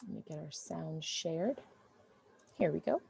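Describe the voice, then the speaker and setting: A woman teacher leading an online class, brisk and often checking in with her students. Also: deep voice, animated, creaky, a little mellow, slightly rough. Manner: brisk, checks in with "okay?" and "all right?".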